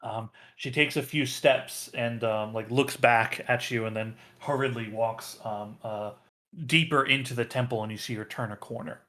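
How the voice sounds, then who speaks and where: A man narrating as game master of a tabletop role-playing game, halting with many ums and uhs. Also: medium pitch, fairly even intonation, sharp tone.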